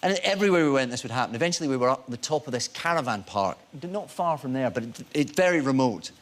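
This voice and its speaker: A man's voice: mid-range voice, fast talker. A man, an actor guest on a talk show, telling anecdotes in a self-deprecating way. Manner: animated storyteller, self-deprecating. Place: TV studio.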